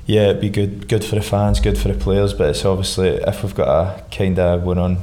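A Scottish man in his thirties, a footballer answering interview questions in a relaxed, good-humoured way. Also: low-pitched, a little fast. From Scotland. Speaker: professional footballer guest.

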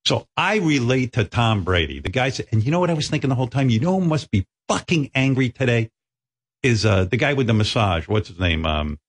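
A man's voice: mid-range voice, lively intonation, fairly quick, breathy edge. Middle-aged guy hosting radio, swoopy voice, rambly and swears a lot. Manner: rambling, profane, self-mocking storytelling. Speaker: radio show host. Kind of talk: casual studio banter. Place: radio studio.

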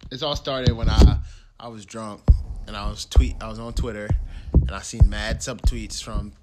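A man in casual chat, telling a long story in animated slang and laughing often. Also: on the low side, moderate pace, loud music behind the voice.

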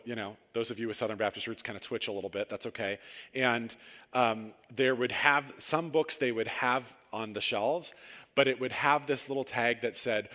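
A man's voice: mid-range voice, sharp tone, in a large hall. A man in his thirties preaching a sermon in a conversational, emphatic way, with self-deprecating asides. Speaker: pastor.

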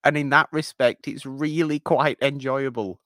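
A man's voice: medium pitch, steady tone, unhurried, fairly bright tone, no echo, clean studio sound. A British man co-hosting a podcast, chatting casually in a playful, mock-offended way. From Britain. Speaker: podcast co-host. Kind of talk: casual chat.

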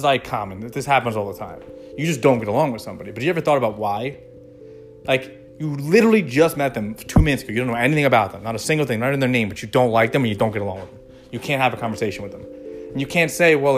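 A man in his late twenties, talking casually to camera in a rambling, conversational way, full of fillers and restarts. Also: mid-range voice. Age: 20s. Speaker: vlogger.

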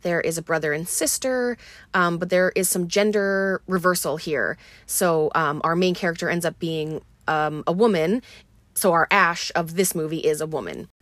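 A woman's voice: on the low side, normal speed, fairly bright tone, no echo. A woman hosting a podcast who recaps a film in a chatty, casual way, recording on a boat and filling her talk with um and like. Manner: chatty, many fillers like um and like. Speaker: podcast host.

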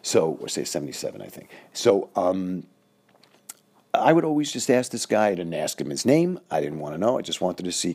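Older New man in his sixties, deep gravelly storyteller, rambling, casual. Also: big pitch swings, moderate pace, darkish tone. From Queens, New York. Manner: rambling, self-correcting.

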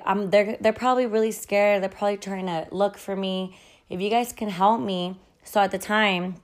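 Chatty woman telling a personal story. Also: mid-range voice. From Mexican-American family. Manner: chatty, frequent fillers and quoted dialogue, swears casually. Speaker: podcast host. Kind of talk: casual storytelling.

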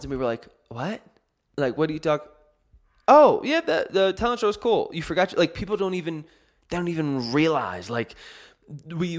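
A young adult man hosting a solo podcast, talking casually with a rambling, self-deprecating storytelling manner and lots of fillers. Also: mid-range voice. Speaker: podcast host.

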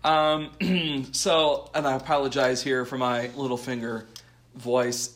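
A man co-hosting a podcast, recapping an episode from his notes in a halting way with many fillers. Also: medium pitch, fairly even intonation, fairly bright tone. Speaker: podcast co-host.

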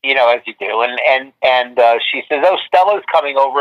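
A man's voice: mid-range voice, a little fast. Rambling man with a muffled voice. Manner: rambling, many restarts and fillers. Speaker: photographer guest. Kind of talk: casual storytelling interview. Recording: muffled lo-fi line.

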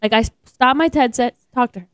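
Young woman, podcast co-host, animated storyteller, high voice, dry close sound. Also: fast, clear, resonant tone, no room sound. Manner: animated storytelling, lots of laughter and swearing. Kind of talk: casual chat.

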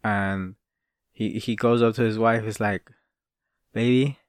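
A man's voice: on the low side, little pitch movement, unhurried, no room sound, clean studio sound. A man hosting his own podcast, telling stories in a rambling, profane and casual way. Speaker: podcast host. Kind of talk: casual solo storytelling.

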